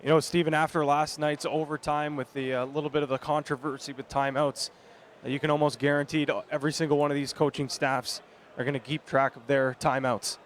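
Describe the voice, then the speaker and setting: A man's voice: on the high side, little pitch movement, a little fast, slight background noise. A man working as a floor reporter at a lacrosse game, asking players friendly, upbeat questions and tossing back to the booth. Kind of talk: sideline interview and colour commentary.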